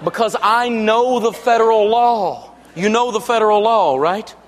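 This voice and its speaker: A man's voice: high-pitched, a little slow, long reverb tail, noisy background. A man giving a live seminar talk, telling jokey stories in a folksy, emphatic way. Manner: joking storyteller, folksy and emphatic. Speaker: money speaker and radio host.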